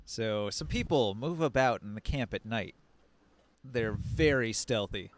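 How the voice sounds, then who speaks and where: A man's voice: on the low side, expressive, a little slow, no room sound. Playful man running a tabletop game. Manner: playful, laughing asides, rambling. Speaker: game master. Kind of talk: narrating a tabletop game on a live stream.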